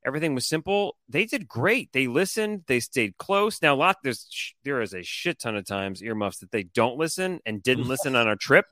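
Bright-voiced man telling a story. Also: mid-range voice, moderate pace, few pauses, dry recording, studio quality. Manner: animated, profane, rambling. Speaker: co-host. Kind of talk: casual podcast storytelling.

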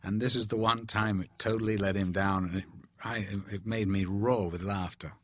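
Husky-voiced man telling film stories. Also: on the low side, moderate pace, no room sound, studio quality. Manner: animated storyteller, candid. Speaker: actor giving film commentary. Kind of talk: film commentary, anecdotal chat.

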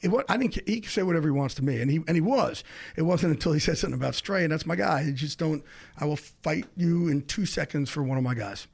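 A middle-aged man, a sports insider, telling a story as a podcast guest with fast, excitable delivery, acting out the other people in it. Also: on the high side, creaky. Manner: fast, excitable, acts out quoted voices. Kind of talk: animated storytelling.

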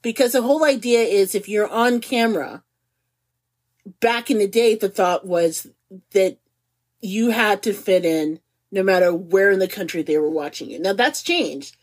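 A woman in her forties co-hosting a podcast in casual chat, animated and giggly, laughing often, with no regional accent. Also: mid-range voice, normal speed. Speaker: podcast co-host.

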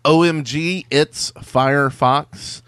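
A man hosting a podcast in casual chat, relaxed as he reads out the sponsors. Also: on the high side, slow pace, clear, resonant tone, no room sound. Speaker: podcast host.

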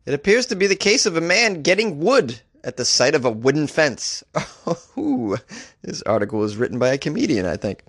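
A man's voice: on the high side, lively intonation, brisk, a bit bright, no echo, studio quality. A man hosting a comedic news podcast, joking and laughing at his own gags as he reads out the stories.

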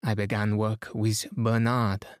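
A man voicing a fussy, precise older male detective in an audiobook, speaking gently. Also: fairly low pitch, little pitch movement, a little slow, no room sound, studio quality, natural voice. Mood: explaining.

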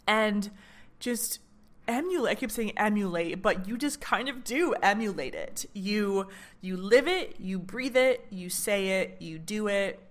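A woman's voice: fairly high pitch, a bit bright. A young woman from Michigan hosting a podcast, chatting casually and bubbly, full of "like" and quoting herself playfully. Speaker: podcast host. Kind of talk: casual solo podcast talk.

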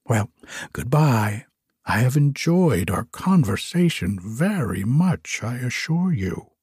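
A man voicing a talkative, self-satisfied little pond frog in a storybook, prattling on in a breathy, often whispery voice. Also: medium pitch, big pitch swings, slow, darkish tone, no room sound, studio quality, full character voice. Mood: chatty. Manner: gushing, prattling, complacent.

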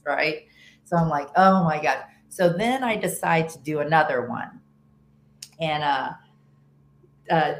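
A woman with a low voice tells a story in casual podcast chat. She is animated, restarts her sentences often and acts out what other people said. The room behind her sounds echoey. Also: a little hiss or hum. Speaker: podcast guest, long-distance motorcycle rider.

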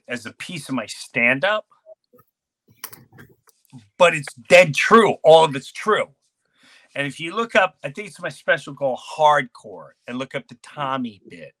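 A man's voice: medium pitch, sharp tone, no echo. A middle-aged man, a podcast host and comedian, telling a childhood story with lots of energy and acted-out sound effects. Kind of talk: animated storytelling chat.

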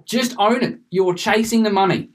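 A man co-hosts a casual sports podcast, ranting in an emphatic, passionate way. His faint comes through, and his voice sits a little higher than most men's. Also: moderate pace. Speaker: podcast co-host. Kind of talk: casual cricket podcast chat.

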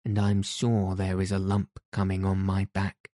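A man's voice: deep voice, completely flat delivery, measured pace, mellow, no echo, studio quality. A man voicing a sickly, spoiled, petulant young boy who whines and sulks. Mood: sulky.

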